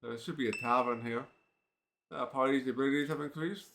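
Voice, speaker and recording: A man's voice: mid-range voice, steady tone, fairly quick, vocal fry, faint music behind. A man streaming a retro role-playing game, muttering comments to himself as he plays. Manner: mutters quietly while playing, reads story text more loudly. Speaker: game streamer reading game text aloud. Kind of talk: casual commentary and read-aloud of game text.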